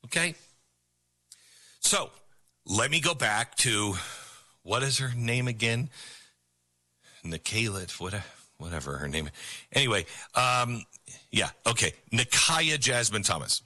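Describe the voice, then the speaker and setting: A man's voice: mid-range voice, lively intonation, slow, long pauses, bright, forceful tone. A middle-aged man hosting a political talk show, giving an opinionated monologue in a mocking tone, laughing often and repeating phrases for emphasis.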